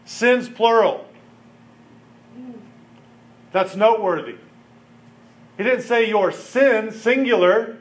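Male pastor, sermon delivery, higher-pitched, animated, acts out quotes. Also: slow pace, long pauses. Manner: animated preaching with acted-out quotes.

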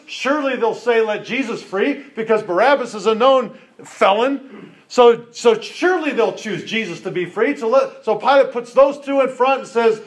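A man preaching a sermon, retelling a scripture story and asking his listeners questions in a lively storytelling manner. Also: very high voice, moderate pace. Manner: storytelling, animated, asks the congregation questions. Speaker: pastor.

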